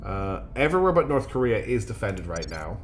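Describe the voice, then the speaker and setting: A man's voice: fairly low pitch, big pitch swings, brisk, over music. A very tired man streaming a strategy game, chatting casually and rambling with lots of fillers and self-mocking asides. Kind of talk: casual gameplay commentary.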